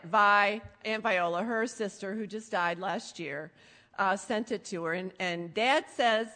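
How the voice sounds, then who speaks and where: A woman's voice: medium pitch, takes it slowly, sharp tone, in a large hall. A middle-aged woman telling family stories with a sarcastic, teasing manner. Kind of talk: humorous storytelling to an audience.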